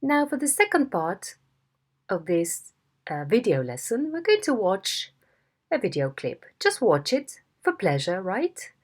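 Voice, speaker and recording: Slow, husky-voiced phonetics teacher. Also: female voice, mid-range voice, huge pitch swings. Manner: slow, deliberate, demonstrating intonation. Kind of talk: video lesson instruction.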